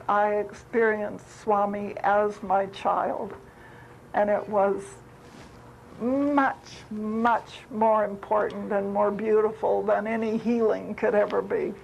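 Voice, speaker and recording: A woman's voice: mid-range voice, creaky, darkish tone, a little hiss or hum, low-quality recording. A woman telling a personal story at a spiritual retreat, heartfelt and repeating words for emphasis. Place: retreat gathering.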